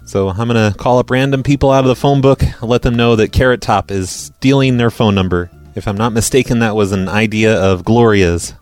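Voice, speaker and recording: A man hosting a call-in show, reading out voicemails and talking with a sarcastic, crude, deadpan manner. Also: fairly low pitch, a little fast, hardly any pauses, dry recording, faint music behind. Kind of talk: casual call-in show chat.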